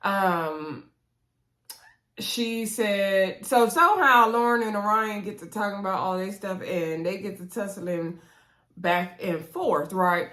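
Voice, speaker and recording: A woman recapping a reality show episode in a casual, sassy way, with lively asides to her viewers. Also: mid-range voice, takes it slowly, reverberant. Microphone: camera mic.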